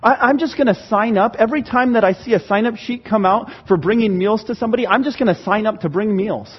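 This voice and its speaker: A man preaching a sermon as pastor, animated, acting out church members' voices. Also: high voice, quick pace, breathy edge, muffled recording.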